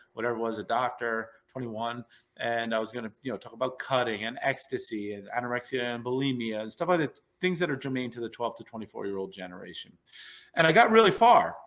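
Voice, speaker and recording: A man's voice: mid-range voice, brisk, fairly bright tone. A man in his fifties telling long, rambling stories as an interview guest, with many fillers and restarts. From New York. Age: 50s. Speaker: podcast guest, neurologist. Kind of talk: casual storytelling interview.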